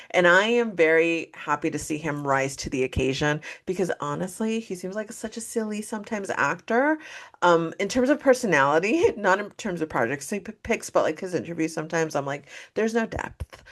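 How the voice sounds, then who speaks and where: A woman co-hosting a casual pop culture podcast, gushing and animated, swearing freely as she tells a story. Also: on the low side. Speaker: podcast co-host.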